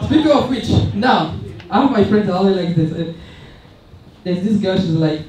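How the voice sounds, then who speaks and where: A man's voice: sits high, lively intonation, normal speed, darkish tone, slight background noise. A young man doing a stand-up comedy set, chatty and self-mocking, telling loose stories with many asides. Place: large event hall with audience. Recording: echoey hall recorded from far off.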